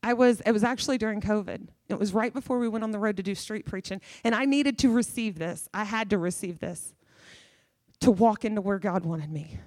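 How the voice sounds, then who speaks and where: A woman's voice: mid-range voice, brisk, darkish tone, no echo, studio quality. A middle-aged woman preaching a sermon with fervor, emphatic and repeating phrases for effect.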